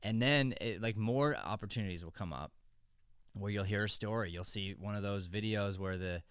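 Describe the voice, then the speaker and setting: A man's voice: lowish voice, moderate pace, fairly bright tone, clear, resonant tone, no room sound, clean studio sound. A middle-aged man hosting an acting podcast, talking in an earnest, rambling way with frequent restarts. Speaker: acting coach and podcast host. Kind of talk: casual podcast chat.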